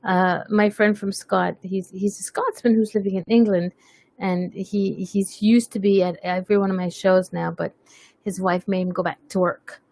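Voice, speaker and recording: A woman's voice: medium pitch, fairly even intonation, moderate pace, gravelly, a little mellow. A woman hosting a webcast, chatting casually, teasing herself and laughing often. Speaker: webcast host. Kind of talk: casual chat.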